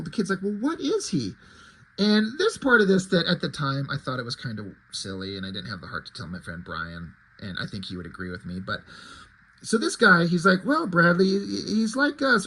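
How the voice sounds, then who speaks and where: A man's voice: on the high side, a bit bright, low-quality recording. A man reviewing an old homemade comic in a chatty, rambling way, swearing casually as he flips through it. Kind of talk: casual commentary.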